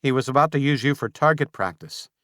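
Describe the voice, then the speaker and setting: A man's voice: mid-range voice, lively intonation, quick pace, a bit bright, no echo, studio quality, voice pushed up, lightly acted. A man voicing a brave, scrappy teenage boy in a post-apocalyptic audiobook, with a wry, breathless manner.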